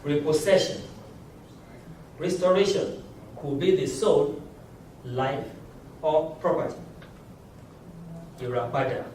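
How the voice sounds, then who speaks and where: A man teaches a language class, in a fairly high voice and at a slow, patient pace. He chuckles often as he explains. His voice rings through a very echoey classroom and is picked up from a distance, with faint noise behind. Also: a little mellow. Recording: very echoey room, mic far off.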